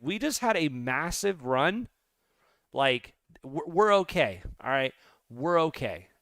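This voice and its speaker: Guy hyped up on his crypto charts, rambly, smooth voice, dry close sound. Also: on the high side, no room sound. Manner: excitable, rambling, talks straight to viewers. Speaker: crypto trader and channel host. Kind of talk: live chart analysis.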